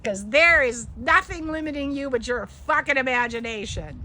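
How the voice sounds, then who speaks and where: A woman with a fairly high voice chats casually to the camera about her dogs, switching into cooing baby talk and swearing freely. She is outdoors, and a faint hiss of open air sits under her voice. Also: expressive, moderate pace, hardly any pauses, pushed and bright. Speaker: dog breeder. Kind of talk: casual vlog chat with puppies.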